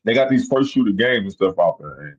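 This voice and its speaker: A man co-hosting a live stream, chiming in with profane, animated remarks in casual chat. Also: on the low side. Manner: animated, profane, quick asides. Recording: dull lo-fi stream audio.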